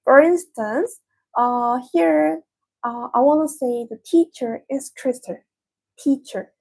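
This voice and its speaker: Young Korean-accented woman as a patient language teacher, slightly raised pitch, a little husky. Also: slow, darkish tone, rough recording. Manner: patient, explains step by step with many "mm-hmm"s. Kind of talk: online lesson.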